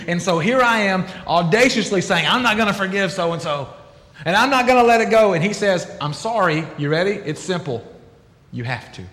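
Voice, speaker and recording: A middle-aged man, a pastor, preaching a sermon in an animated, emphatic way, acting out quotes in different voices. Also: on the high side. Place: large church hall. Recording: echoey hall with long reverb.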